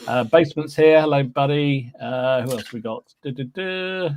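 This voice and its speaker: A man's voice: medium pitch, steady tone, normal speed, darkish tone. A man hosting a live podcast, chatting easily and greeting listeners one by one, with lots of fillers and little hums. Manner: chatty and easygoing, with many fillers and humming. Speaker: podcast host. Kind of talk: casual live-stream chat, reading out viewer names.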